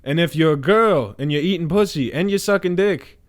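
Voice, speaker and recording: A man's voice: a little high, animated, normal speed. A man doing crude, rambling stand-up comedy with many fillers. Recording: loud noise and clicks.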